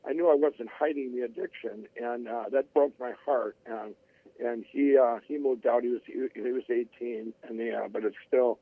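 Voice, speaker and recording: Telling his life story to an interviewer, a middle-aged man rambles, often restarting and acting out what people said to him. His mid-range voice moves at a normal speed, and the tinny phone-line audio has no echo.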